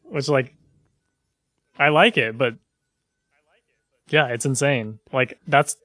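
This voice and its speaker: Slow-talking laid-back man, dry mic. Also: medium pitch, sharp tone, dry recording. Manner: laid-back, rambling with fillers. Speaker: podcast co-host. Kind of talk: casual chat.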